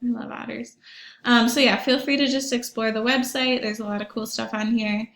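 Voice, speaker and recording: A woman's voice: on the high side, steady tone, brisk, a bit bright. A young woman teacher talking her class through a website in a recorded online lesson, chatty and upbeat with lots of ums and little asides to the pupils. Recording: echoey room.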